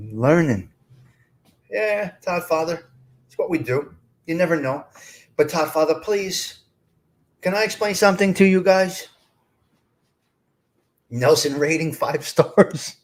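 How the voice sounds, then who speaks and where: A middle-aged man hosts a live stream in a blunt, streetwise way. His voice sits a little high for a man. He talks straight to his chat as if they were at the table with him. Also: measured pace, pauses often. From North Jersey. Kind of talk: casual live chat reading comments.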